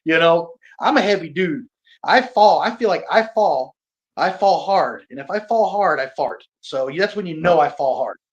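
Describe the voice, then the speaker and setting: A man, a pro wrestler talking casually as an interview guest, animated and self-mocking, often laughing and restarting his sentences. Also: a little high, moderate pace, highs cut off. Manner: frequent repeats and restarts.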